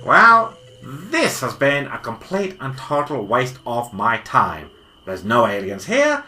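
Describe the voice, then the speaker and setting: A woman voicing an excitable male time-travelling weasel doctor in a hobby audio drama, theatrical and bossy. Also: very deep voice, slow, a little hiss or hum, exaggerated voice. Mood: excited. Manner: theatrical, bossy, easily bored.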